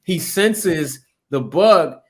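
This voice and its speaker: A young man, a podcast guest, telling a comic story in a relaxed, slangy and profane way. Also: on the high side, drawn-out words. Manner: slangy, profane, laid-back. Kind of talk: casual comedic storytelling.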